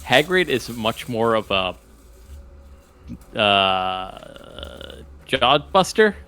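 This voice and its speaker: A man's voice: mid-range voice, big pitch swings, sharp tone, clean tone. A man co-hosting a podcast, chatting casually about a book and joking as he goes. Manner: joking, acts out characters in quick asides. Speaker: podcast co-host. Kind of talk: casual book club chat.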